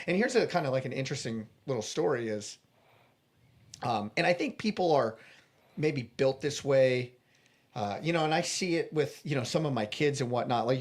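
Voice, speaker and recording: A man guest in a podcast interview, earnestly telling a personal story and acting out the dialogue, with frequent restarts. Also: medium pitch.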